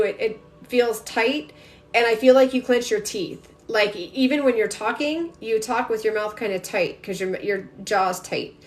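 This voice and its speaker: Chatty, emphatic woman on a live stream. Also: fairly high pitch. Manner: rapid, emphatic, chatty, addresses viewers directly. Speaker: intuitive energy reader. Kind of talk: casual livestream reading to viewers. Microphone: phone livestream.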